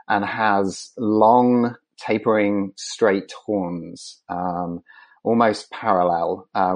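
Very deep-voiced man with halting speech. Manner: hesitant, many ums and restarts. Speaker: conservation scientist guest. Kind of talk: interview answers.

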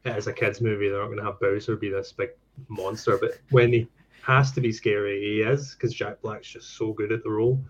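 A man's voice: lowish voice, steady tone, brisk, slightly rough. A man co-hosting a casual podcast chat, opinionated and full of fillers. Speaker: podcast co-host. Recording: dull lo-fi mic.

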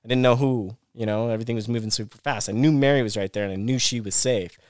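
A middle-aged man speaks at an ordinary pitch with a smooth, clear tone, recorded close and dry with no room sound. He tells his story as a podcast guest, circling back and repeating himself as the details pour out. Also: fast talker, dry recording. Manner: animated retelling full of restarts and repeated phrases. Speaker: podcast guest, former pro snowboarder. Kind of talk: casual storytelling interview.

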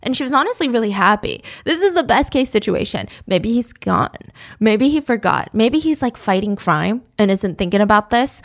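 A woman telling a story in a chatty, animated way with dramatic asides. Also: fairly high pitch, creaky. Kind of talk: casual storytelling.

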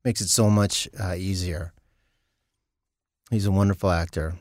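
Chatty middle-aged actor in a dry studio. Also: male voice, low-pitched, fairly even intonation, unhurried, a little mellow, no room sound. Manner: laughing, self-mocking, trailing off. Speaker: guest actor. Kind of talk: casual chat.

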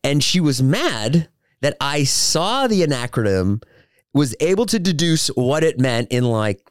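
A man's voice: mid-range voice, very animated, a little slow, clear, resonant tone, no room sound, studio quality. A man hosting a solo podcast, telling joking, rambling anecdotes with lots of fillers and restarts. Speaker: podcast host.

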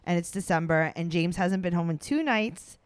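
A woman's voice: lowish voice, normal speed, smooth, no room sound. A woman co-hosting a casual chat, animatedly recapping a show and slipping into quotes. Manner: animated, breaks into quoted voices. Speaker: podcast co-host.

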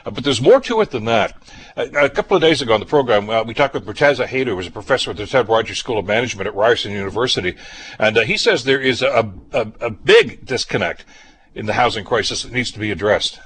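A man hosting a talk radio show, brisk and conversational, interviewing guests. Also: medium pitch, lively intonation, fairly bright tone, low-quality recording. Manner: brisk, conversational, frequent uh fillers.

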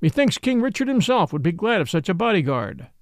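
A man's voice: high-pitched, big pitch swings, fairly quick, no room sound, studio quality. A man voicing a proud king in disguise who speaks sternly in formal, old-fashioned language.

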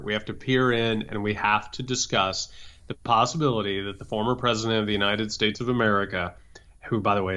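A man's voice: medium pitch, fairly bright tone. Emphatic male podcast co-host. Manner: emphatic, ranting, with repeated stammered starts. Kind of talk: political commentary chat.

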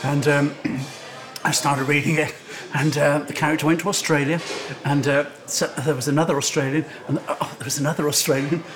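A man's voice: on the high side, level tone, brisk, music in the background. An older man hosting a casual lunchtime interview at a restaurant table, telling rambling, easygoing anecdotes. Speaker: host. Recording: busy restaurant chatter behind. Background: diners chattering.

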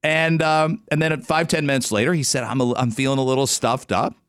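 A man's voice: mid-range voice, fairly even intonation, brisk, fairly bright tone, clean tone, dry recording, clean studio sound. Chatty Canadian radio morning host, man. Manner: chatty, joking, musing aloud. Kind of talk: casual radio talk. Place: radio studio. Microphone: studio microphone.

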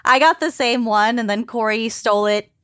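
A woman's voice: a little high, normal speed, a bit bright, clear, resonant tone. A woman co-hosting a podcast in casual chat, chiming in with short quips. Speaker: podcast co-host.

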